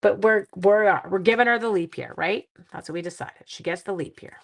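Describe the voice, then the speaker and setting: A woman's voice: medium pitch, a little fast, creaky. A middle-aged woman from Canada hosting a card-making livestream, chatting playfully with viewers while she works. She sounds tired. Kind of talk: casual crafting livestream chat.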